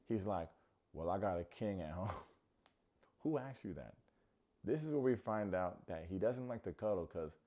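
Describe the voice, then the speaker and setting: A man's voice: fairly low pitch, lo-fi sound. A man recapping a reality dating show in a casual, joking way, often mimicking the cast's lines. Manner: joking, animated, mimics cast members' lines. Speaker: recap reviewer.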